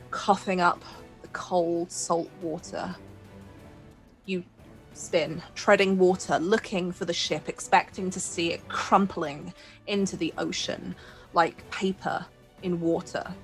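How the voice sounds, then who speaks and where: Woman narrating a dark sea tale. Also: lowish voice, creaky, poor audio. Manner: descriptive, dramatic storytelling with restarts. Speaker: game master. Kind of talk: narrating a tabletop horror game. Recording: light background music.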